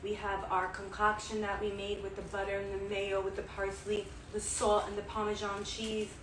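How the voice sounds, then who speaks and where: This home cook hosts a cooking vlog from her kitchen, chatty and enthusiastic and repeating herself as she cooks and tastes, yet her mid-range voice comes out completely flat at a normal speed. The mic is at a distance, the kitchen is echoey, and there's background noise.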